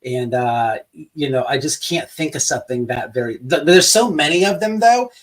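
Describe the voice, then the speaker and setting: A man hosting a casual livestream, rambling and swearing as he mocks people online, sometimes slipping into a mock sales pitch. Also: lively intonation, moderate pace. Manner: rambling, profane, mocking. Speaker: livestream host.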